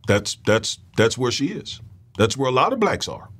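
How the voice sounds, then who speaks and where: A man's voice: medium pitch, big pitch swings, moderate pace, fairly bright tone, husky. Man, commentary host, casual monologue, conversational, repeats himself, mid-range voice. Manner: conversational, repeats words and restarts, asks audience checks.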